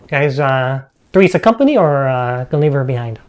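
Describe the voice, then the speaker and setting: Casual hesitant game master. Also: male voice, medium pitch, animated, normal speed, clear, resonant tone. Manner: casual, hesitant, lots of fillers. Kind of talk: running a streamed tabletop game.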